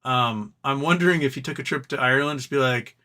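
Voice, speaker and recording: A man's voice: medium pitch, fast, sharp tone. A man hosting a live stream, chatting casually and reading viewer comments aloud with frequent ums and restarts. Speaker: livestream host.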